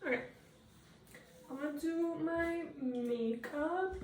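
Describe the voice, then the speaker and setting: A teenage vlogger chats casually at home in her bathroom while getting ready, rambling with plenty of fillers and repeating what other people said. Her voice sits high and comes out slowly, with a slightly mellow quality. The tablet recording her is propped a little far off, so the bathroom sounds echoey.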